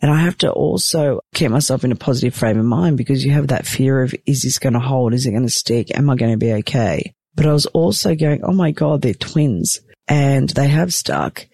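A woman's voice: extremely low pitch, fairly quick, few pauses, slightly rough, no echo. A woman giving a dramatic, gushing casual recap from a hospital bed. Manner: gushing, dramatic, expressive storyteller. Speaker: reality TV cast member recapping episodes.

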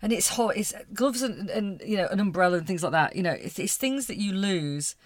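A woman's voice: medium pitch, lively intonation, a little fast, dry recording. Wistful woman. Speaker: podcast co-host. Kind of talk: casual chat and poetry reading.

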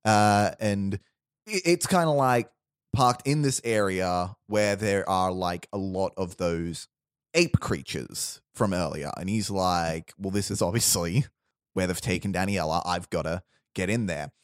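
A man's voice: sits low, measured pace, dry recording, clean studio sound. A man casually telling a made-up story to friends, rambling with restarts and quoting characters. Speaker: storyteller pitching a movie plot. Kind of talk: casual chat.

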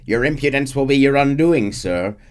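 A man's voice: mid-range voice, expressive, normal speed, darkish tone, smooth, pitched above the performer's own voice, natural voice. A man voicing a pompous wealthy industrialist, speaking in a haughty, clipped and indignant way. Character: pompous wealthy male industrialist, middle-aged.

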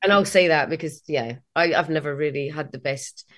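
A woman's voice: low-pitched, a little fast, a bit bright. A middle-aged Scottish woman guesting on a podcast, chatting casually, laughing often and acting out quotes. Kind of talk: casual chat.

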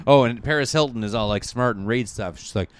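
A man casually recapping a TV episode for friends, rambling and slipping into quick mocking voices for the characters. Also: mid-range voice, no echo. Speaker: podcast host recapping a TV episode. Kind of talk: casual comedic recap chat.

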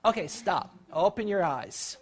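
A workshop leader talking a live group through a guided exercise, acting out scenes with sudden jumps in pitch and often repeating words and restarting. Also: a little slow. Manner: animated, acts out scenes with big jumps in pitch.

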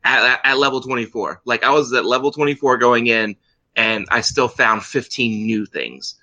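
Bright-voiced rambling podcast co-host, man. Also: medium pitch, normal speed. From Central Florida. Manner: rambling, full of fillers. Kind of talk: casual podcast chat. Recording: slightly dull lo-fi mic.

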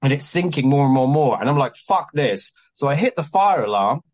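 Man, young adult, podcast guest, mid pitch, animated storytelling, frequent swearing. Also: fast talker, low-quality recording. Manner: animated, swears a lot, acts out quoted exchanges. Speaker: guest, venue promoter.

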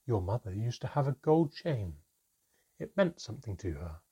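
A man voicing a calm, terse older female goblin who speaks slowly and quietly. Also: medium pitch, husky, dull audio, full character voice. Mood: measured. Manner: slow, quiet and measured.

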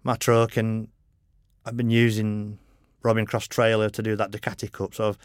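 A man's voice: fairly low pitch, level tone, moderate pace, no room sound. Middle-aged male racer guest, frank rambling storyteller who swears freely, dry close sound. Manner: rambling anecdotes, lots of "you know", frank and swearing. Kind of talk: casual podcast interview.

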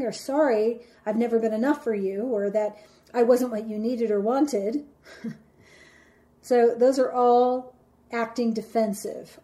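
A woman with a fairly high, mellow voice teaching a lesson. She lays out her points in a measured order. She turns dramatic whenever she acts out an example. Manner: measured, explains step by step. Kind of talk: instructional talk.

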